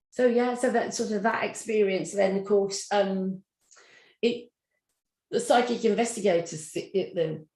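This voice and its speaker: Her voice sits low with a darkish tone, caught in a room with noticeable echo. This middle-aged Midlands woman, a guest psychic medium being interviewed, shares anecdotes and performs the voices of the people in them.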